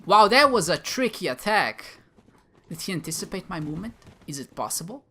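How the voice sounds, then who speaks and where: Bright-voiced joking gaming commentator. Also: male voice, high-pitched, big pitch swings, brisk, a little hiss or hum. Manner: joking, self-mocking, talks to enemies. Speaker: gamer, video host. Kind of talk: live gameplay commentary.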